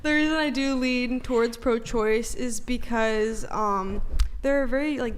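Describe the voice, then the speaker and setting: Woman guest on a podcast, higher voice, hesitant, lots of ums and likes, faint noise behind. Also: a little slow. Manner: hesitant, many fillers, hedging. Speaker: panel guest. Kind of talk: casual debate answers.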